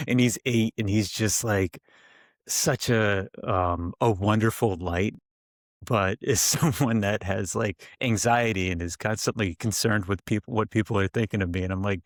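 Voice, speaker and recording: A man with a slightly low voice chats loosely about his kids, breaking into laughter between stories. The sound is dry and close, with no room around it. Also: measured pace, dry recording. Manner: laughs often while telling stories, loose and chatty. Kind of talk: casual conversation.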